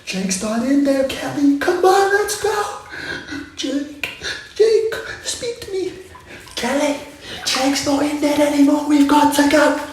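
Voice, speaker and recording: A man's voice: medium pitch, monotone, normal speed, hardly any pauses, a little mellow, recorded from a distance, slight background noise, close to an everyday voice. A man playing a panicked male survivor from a zombie movie, urgent and pleading. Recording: very echoey room.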